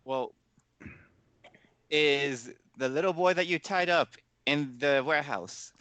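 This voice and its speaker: A man's voice: on the high side, takes it slowly, fairly bright tone, clean tone, dry recording. A man playing a tabletop game, asking direct questions in casual talk. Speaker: player.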